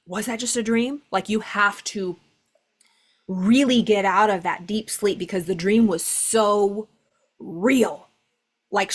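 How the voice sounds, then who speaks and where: A woman giving a casual spiritual lesson, talking loosely with lots of fillers and reading passages aloud. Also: mid-range voice. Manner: conversational, many "like" fillers, reads passages aloud. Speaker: spiritual teacher.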